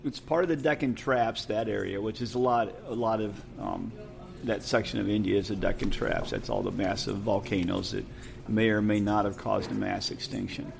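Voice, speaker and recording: Gravelly-voiced man co-hosting a chatty podcast. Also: on the low side, lively intonation, moderate pace, background noise. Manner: laughs often, rambling and unsure. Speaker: podcast co-host. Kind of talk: casual chat. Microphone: headset.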